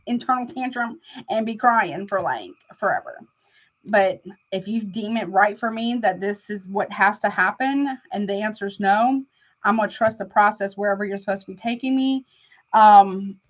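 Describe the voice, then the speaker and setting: A woman's voice: medium pitch, lo-fi sound. A woman tarot reader chatting casually on a live stream, affectionate and talkative, calling her viewers honey.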